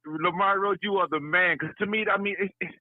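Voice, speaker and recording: A man's voice: sits high, fairly even intonation, brisk, no room sound. A man calling into a boxing talk show, chatting in a laid-back, easygoing way. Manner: laid-back, chatty, calls host "Coach". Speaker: caller. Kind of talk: casual call-in boxing talk. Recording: tinny phone line.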